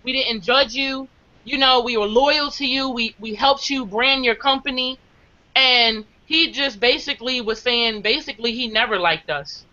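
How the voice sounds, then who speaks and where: High bright-voiced woman telling a story. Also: moderate pace. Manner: animated, quotes others in acted voices. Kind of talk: casual storytelling. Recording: dull lo-fi sound.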